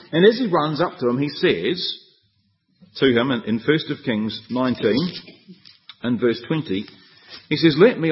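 A man preaching a Bible exposition sermon, asking rhetorical questions and acting out the quoted speech. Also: fairly high pitch. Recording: dull lo-fi recording.

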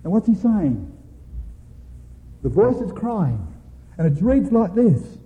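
High-voiced preacher in an echoing hall. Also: male voice, sing-song, slow, long pauses. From Australia. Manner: emphatic, repeats points and keeps addressing the congregation. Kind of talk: sermon. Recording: tinny lo-fi recording with long hall reverb.

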